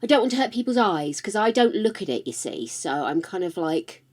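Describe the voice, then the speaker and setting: A woman's voice: medium pitch, big pitch swings, fairly quick, a little mellow. An older woman chatting casually on a live stream, affectionate and talkative, calling her viewers darlings. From United Kingdom.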